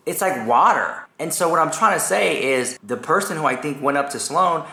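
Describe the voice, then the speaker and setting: Chatty young man, bright echoey voice. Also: a little high, gravelly. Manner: chatty, rambling, animated retelling. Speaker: YouTuber. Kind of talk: casual vlog commentary. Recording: echoey room.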